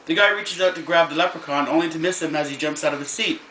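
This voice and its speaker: A man with a bright, fairly high voice tells jokes in a casual vlog, halting often and restarting his sentences. The room is echoey, with a faint hum of noise behind him. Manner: hesitant, halting delivery with many restarts. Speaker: vlogger. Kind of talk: casual joke-telling vlog.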